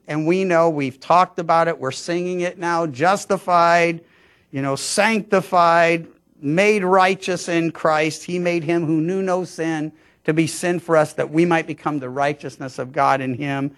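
A man's voice: high voice, unhurried, fairly bright tone. A pastor giving a conversational verse-by-verse sermon, often restarting his sentences. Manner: conversational, frequent stammered restarts. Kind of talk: sermon, verse-by-verse Bible teaching.

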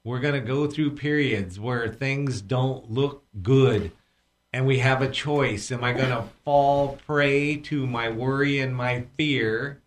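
A man co-hosting a Christian radio show, retelling Bible stories in an animated way and acting out the quotes. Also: medium pitch, takes it slowly. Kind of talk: Bible storytelling in radio talk. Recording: echoey room.

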